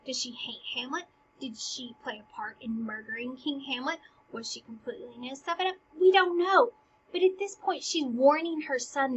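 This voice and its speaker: A woman's voice: high voice, moderate pace, a bit bright, muffled recording, a little hiss or hum. A woman, as a teacher, chattily retelling a stage play in everyday words, laughing and saying "like" often.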